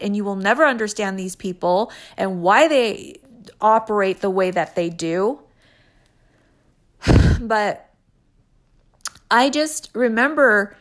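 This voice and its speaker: A young adult woman telling a personal story in an emotional way, acting out bits of quoted dialogue as she goes. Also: fairly high pitch.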